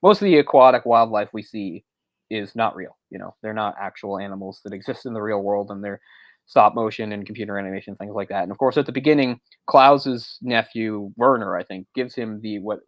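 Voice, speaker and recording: A man's voice: fairly low pitch, a little fast, dry recording, low-quality recording. A man co-hosting a movie discussion podcast, talking in a rambling, self-correcting way with frequent chuckles. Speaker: podcast co-host.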